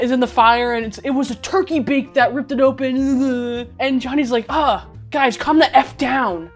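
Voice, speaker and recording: Young woman, higher voice, giggly sarcastic movie recap, mimics characters, faint background music. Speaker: movie commentary streamer. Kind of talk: casual movie recap commentary.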